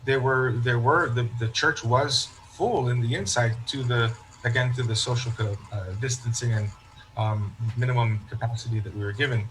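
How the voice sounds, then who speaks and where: A man of medium pitch, a parish priest in a relaxed interview, recounting his experiences with an easy storytelling manner. He restarts his phrases often and slips into voicing the people in his stories. A faint noise sits behind him. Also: moderate pace, low-quality recording. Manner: storytelling, acts out quoted remarks, frequent restarts. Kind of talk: casual interview chat.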